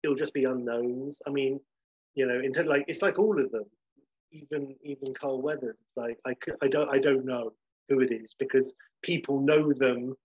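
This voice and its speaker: A man co-hosts a podcast in an animated, chatty way, his speech full of fillers. His voice is husky and sits mid-range. The audio is muffled and lo-fi. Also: medium pitch, normal speed. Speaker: podcast co-host. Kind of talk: casual chat.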